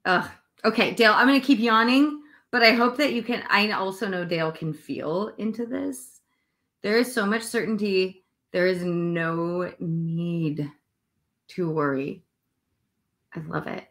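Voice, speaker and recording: A woman giving intuitive readings on a livestream, talking in a dreamy, drawn-out way and yawning often. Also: a little high, creaky, a bit bright. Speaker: intuitive reader.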